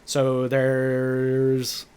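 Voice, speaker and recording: This is a man in the game master's seat of a tabletop session, talking loosely and casually. He fills his narration with filler words and throws in the odd curse. His pitch sits in an ordinary middle range. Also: completely flat delivery, drawn-out words, a little mellow, clean tone. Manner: loose and chatty, heavy on filler words and swearing.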